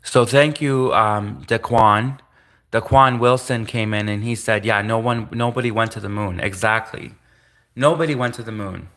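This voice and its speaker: Rambling livestreaming man, bright tone. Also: on the low side, moderate pace. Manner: rambling, repetitive, conspiratorial, self-interrupting. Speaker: livestream host. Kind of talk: rambling live-stream monologue. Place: home live stream.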